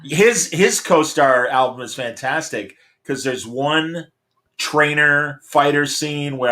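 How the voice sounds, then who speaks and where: A man's voice: medium pitch, expressive, a little slow, sharp tone. A man hosting a casual chat over a video call, enthusiastic and rambling with frequent restarts. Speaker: podcast host.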